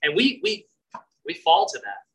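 Man, preacher, sermon, bright tense voice, very animated delivery. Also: high voice, measured pace, gravelly, rough recording. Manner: acts out scripture voices, conversational asides. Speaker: pastor.

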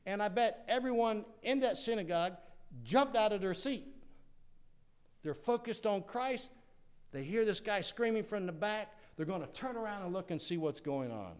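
A male pastor preaching a sermon, swinging dramatically from loud declarations to hushed asides. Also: high voice, animated, moderate pace, smooth.

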